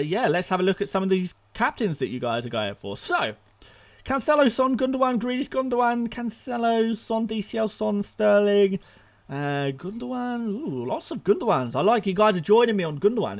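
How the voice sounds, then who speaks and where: A young man hosting a live stream, firing off rapid answers to viewer questions, excitable and laughing often, out of breath at times. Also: high-pitched. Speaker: fantasy football streamer.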